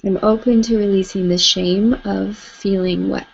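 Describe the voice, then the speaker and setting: A woman leading a live tapping session, gently coaching listeners through phrases for them to repeat. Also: medium pitch, fairly even intonation, a little slow, vocal fry, breathy edge. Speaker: EFT tapping facilitator. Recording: slightly dull lo-fi audio.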